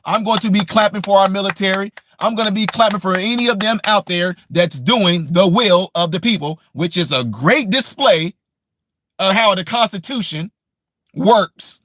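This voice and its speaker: A man's voice: high voice, normal speed, fairly bright tone, no room sound. A man delivering a combative, mocking political rant as a commentary vlogger from the United States, repeating his points with scorn. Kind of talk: ranting opinion monologue.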